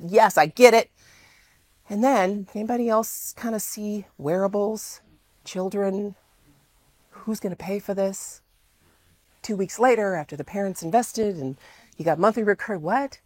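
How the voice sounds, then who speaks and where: A woman speaking to an audience, telling a story in an animated way and acting out the dialogue. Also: mid-range voice, no room sound. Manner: animated, exclaims often, acts out quoted dialogue.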